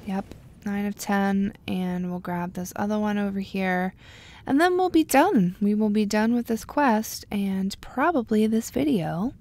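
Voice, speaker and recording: Young woman, let's-play host; unhurried, wry, gravelly voice. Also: medium pitch, a little mellow. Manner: chatty, wry, drops to a murmur. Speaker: gameplay video host. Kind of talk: casual let's-play commentary.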